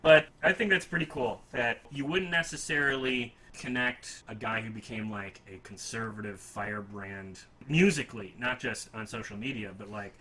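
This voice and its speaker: A man's voice: mid-range voice, normal speed, few pauses, sharp tone, rough recording. A man hosting a casual music podcast, talking in a rambling, enthusiastic and self-deprecating way. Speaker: podcast host.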